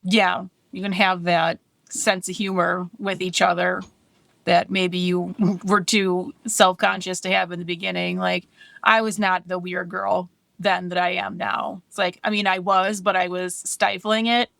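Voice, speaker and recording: A woman's voice: fairly low pitch, flat delivery, unhurried, creaky, a bit bright, dry recording. A woman in her thirties co-hosting a casual podcast chat, candid and chatty, laughing often. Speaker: podcast co-host.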